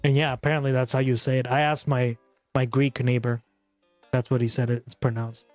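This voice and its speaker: A man's voice: mid-range voice, level tone, brisk, no room sound, faint music behind. A man hosting a livestream, chatting casually with a rambling, profane manner and frequent laughter. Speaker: livestream host. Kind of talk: casual chat.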